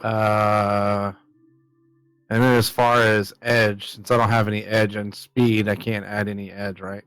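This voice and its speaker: A man's voice: on the low side, level tone, unhurried, a bit bright, smooth, dry recording, soft background music, poor audio. Blunt, cursing male tabletop player. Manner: blunt and profane, checking rules aloud. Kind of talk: casual tabletop game play.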